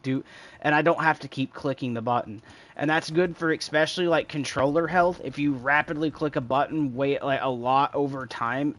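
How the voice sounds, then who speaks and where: A man's voice: medium pitch, fairly bright tone. A man streaming a shooter game, chatting casually to his viewers and imitating game sounds as he explains. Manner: rambling, talks to chat, imitates sounds. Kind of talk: casual gameplay commentary.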